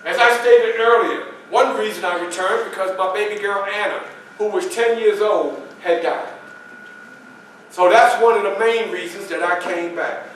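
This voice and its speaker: A man's voice: high voice, moderate pace, fairly bright tone, a little hiss or hum. A man performing a first-person historical portrayal, telling his story in a folksy, conversational way at a library event. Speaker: historical reenactor. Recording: echoey room, mic far off.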